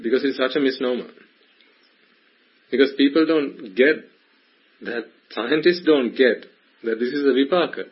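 Man, Buddhist teacher, husky, playful probing questions, muffled lo-fi sound. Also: mid-range voice, normal speed, long pauses. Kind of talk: Dhamma talk to a small group.

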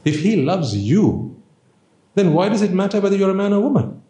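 Mellow-voiced man giving an informal teaching. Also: high-pitched, big pitch swings, normal speed, reverberant. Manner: conversational, rhetorical questions, playful asides. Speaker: Buddhist teacher. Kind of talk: informal dharma talk.

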